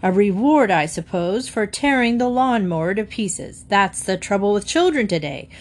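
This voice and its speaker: A woman reading as a gruff, blustering husband. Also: mid-range voice, expressive, normal speed, lightly acted. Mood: grumbling. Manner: loud, gruff and indignant. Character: blustering grumpy husband, middle-aged man.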